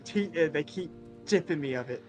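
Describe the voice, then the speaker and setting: A man joins a game stream with joking, teasing chatter. His voice sits a touch high for a man. Faint game music plays under him. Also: animated, moderate pace, a little mellow. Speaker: co-op player on stream. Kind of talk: casual gaming chat.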